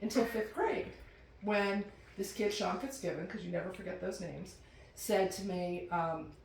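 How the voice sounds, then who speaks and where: A middle-aged woman doing stand-up storytelling in a chatty, animated way, jumping into high voices when she quotes people. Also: unhurried, vocal fry, a little hiss or hum. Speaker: comedian telling a personal story. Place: room with a live audience. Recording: roomy, distant mic with faint ambience.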